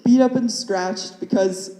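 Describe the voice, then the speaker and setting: A woman's voice: mid-range voice, measured pace, dark tone, roomy sound, low-quality recording. A young woman in her twenties performing a stand-up comedy set in a nervous, rambling way, full of "like" fillers. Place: comedy club stage.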